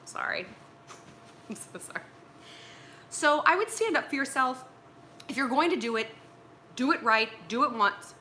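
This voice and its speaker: Animated, bright-voiced woman livestreaming. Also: high-pitched, moderate pace, slight background noise. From Los Angeles, US. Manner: blunt, animated, swears freely. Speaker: advice livestream host. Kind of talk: casual livestream advice talk. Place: at home with pillows and tea.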